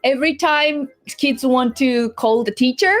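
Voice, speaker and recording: A woman guest telling a story in an animated, playful way. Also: high voice, a little slow.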